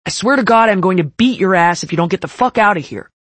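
A woman voicing a protective young man who speaks low and intimately, growling when angered. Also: flat delivery, normal speed, creaky, breathy edge, no echo, heavily acted. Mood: angry. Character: young man, tender, protective, quick-tempered.

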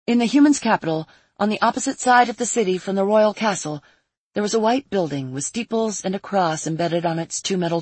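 A woman reading a fantasy story aloud in a steady narration. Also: lowish voice, breathy edge, dry recording. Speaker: audiobook narrator.

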